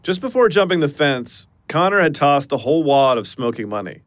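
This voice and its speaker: Man narrating with lively pitch. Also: no room sound. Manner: measured storytelling with dry understatement. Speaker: podcast narrator. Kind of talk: scripted narration.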